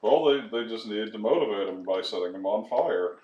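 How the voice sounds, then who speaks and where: A man chiming in on a podcast with blunt, deadpan jokes and crude jabs, his pitch swinging lively. He sits a little off the mic in a roomy space, and the sound is dull and lo-fi. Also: fairly quick. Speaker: podcast co-host. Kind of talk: casual banter.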